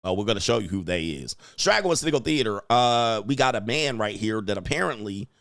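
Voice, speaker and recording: A man hosting a show, giving loud, crude, mocking commentary on video clips and laughing often. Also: fairly low pitch, animated, fairly quick, gravelly, dry recording, clean studio sound. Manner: brash and mocking, laughs often, mimics voices. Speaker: host.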